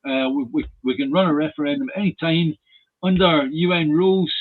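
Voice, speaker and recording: A man's voice: a little high, a little fast. A man hosting a casual political discussion. He speaks hesitantly, with many restarts. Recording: tinny phone-like line.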